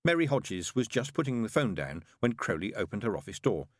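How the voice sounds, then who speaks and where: A man narrating a comic novel in a brisk, expressive way. His pitch roams widely, and the recording is close and dry. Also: dry recording. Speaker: audiobook narrator. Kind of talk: scripted narration.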